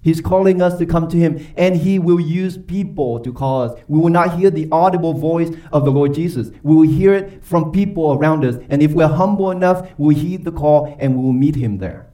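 A man preaching a sermon with emphatic, questioning delivery, his voice sitting a little high. He is picked up from a distance, so he sounds set back from the mic in the church. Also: normal speed, few pauses, dark tone. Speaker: pastor. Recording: voice from far off the mic.

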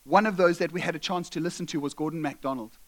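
In a fast sermon, a pastor whose voice is a little high tells lively stories and performs the characters' voices as he goes.

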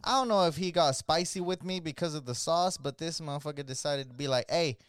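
A man co-hosting a podcast, telling stories in a casual, slangy, animated way and acting out the voices of people he quotes. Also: on the high side, fast, smooth, no room sound. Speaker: podcast co-host. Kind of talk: casual storytelling chat.

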